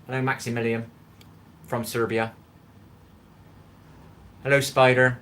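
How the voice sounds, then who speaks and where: A middle-aged Englishman with a Bristol accent hosts a live cooking stream from his home kitchen, chatting with viewers, greeting them by name and reading out their messages. His voice is mid-range and slightly bright, at a normal speed.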